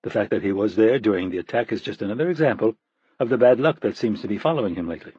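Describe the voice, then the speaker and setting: Here is a composed woman intelligence director who speaks in calm, measured sentences, as a male narrator voices her. The voice stays husky and close to his own, set in a dull, dry audiobook recording. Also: on the low side, dry recording.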